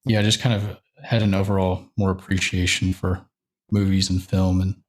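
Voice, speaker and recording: Low-voiced young man rambling casually. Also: little pitch movement, moderate pace. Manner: rambling, many fillers and restarts, laughs lightly. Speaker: guest, church media director. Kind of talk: casual interview chat.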